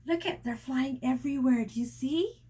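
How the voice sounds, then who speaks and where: A woman teacher reading a picture book aloud to children, pausing often to explain words and adding sound effects and asides. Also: high voice, warm tone, slightly rough.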